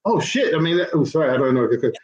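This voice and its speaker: An older man, a physician and guest, chatting casually and telling an animated anecdote in which he acts out other people's voices. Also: mid-range voice, rapid-fire. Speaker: physician and cigar company founder, guest. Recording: echoey, dull-sounding room.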